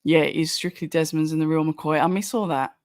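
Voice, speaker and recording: This Birmingham, England watch-along host speaks a little fast in a Brummie accent, with a medium pitch and fairly even intonation. The talk is casual live chat commentary, answering viewer comments with frequent restarts, captured in a dry, studio-quality recording.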